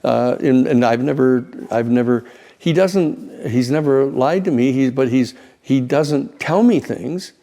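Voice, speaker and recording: Gravelly, dark-voiced male lawyer. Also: mid-range voice, measured pace. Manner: animated, repeats words while building a point. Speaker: lawyer and institute president. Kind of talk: conversational storytelling.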